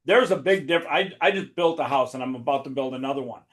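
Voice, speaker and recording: A man hosting a podcast, telling stories in a casual, animated way and laughing often. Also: mid-range voice, fast talker. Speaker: podcast host. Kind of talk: casual storytelling chat.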